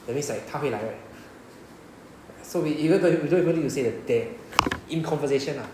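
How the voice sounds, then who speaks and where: Speaking fast with lively intonation, this man has a somewhat high voice and a Singaporean English accent as he explains a Japanese classroom lesson. He checks understanding again and again with "right?", while reverb and background noise fill the recording.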